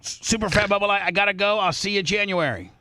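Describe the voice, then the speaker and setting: Bright-voiced man hosting radio talk. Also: high-pitched, quick pace, a little hiss or hum. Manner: rambling storyteller with restarts. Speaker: radio show host. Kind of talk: casual radio banter.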